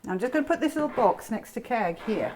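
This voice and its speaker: A woman investigating a haunted building, asking soft, coaxing questions into the dark. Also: a little high, expressive, fast, a little hiss or hum, poor audio. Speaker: paranormal investigator. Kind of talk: hushed ghost-hunt narration. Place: dark old building indoors.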